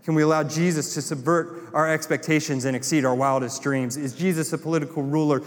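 Impassioned Southern pastor in a reverberant hall. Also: male voice, fairly high pitch, fairly even intonation, a little fast, few pauses. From North Carolina. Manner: impassioned, builds to emphatic repeated lines. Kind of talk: sermon.

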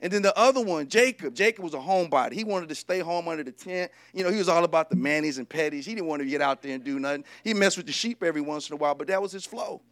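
A male preacher giving a lively, humorous sermon and talking directly to the congregation. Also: a little high, racing, hardly any pauses, no room sound.

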